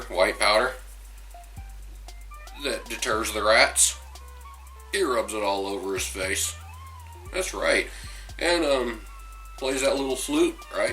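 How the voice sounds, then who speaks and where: A man's voice: fairly low pitch, far from the mic. A man giving a casual, rambling movie review who often stops mid-sentence to restart or comment on himself. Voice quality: rambling, restarts and self-interruptions. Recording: voice from off-mic with faint music.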